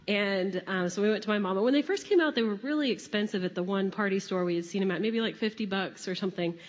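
A woman's voice: mid-range voice, fast talker. Chatty woman sharing testimony in an echoing hall, muffled audio. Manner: chatty, laughing storytelling. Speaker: church member sharing testimony. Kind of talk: personal testimony. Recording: dull recording in a reverberant hall.

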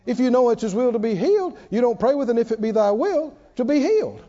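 A man's voice: extremely high pitch, big pitch swings, fast talker, warm tone. A man preaching a sermon to a congregation, who prompts them to answer and repeat lines after him. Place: church hall. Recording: dull sound in a hall with long reverb.

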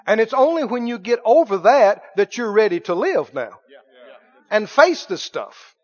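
Male preacher, high voice, lo-fi recording; animated sermon with hushed-to-shouted swings. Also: moderate pace.

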